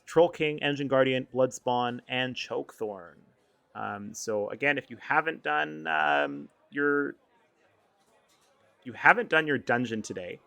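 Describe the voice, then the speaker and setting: A man's voice: mid-range voice, vocal fry, fairly bright tone. A man co-hosting a casual gaming podcast, running through store items and events with frequent ums and self-corrections. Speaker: podcast co-host. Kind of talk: casual game news chat.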